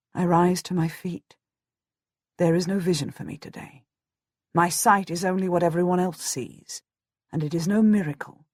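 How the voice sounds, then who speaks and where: A woman reading a historical audiobook in the first person, slow and solemn. Her voice sits fairly low and sounds a little husky. The recording is dry and close, with no room sound. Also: darkish tone, no echo. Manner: measured, slow, solemn delivery. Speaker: audiobook narrator.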